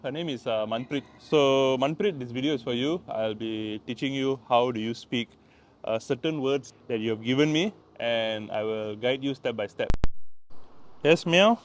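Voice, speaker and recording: A man's voice: mid-range voice, normal speed, a little hiss or hum. A man with a Malaysian English accent, tutoring in a casual home vlog, repeating each word and explaining step by step. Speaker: language tutor.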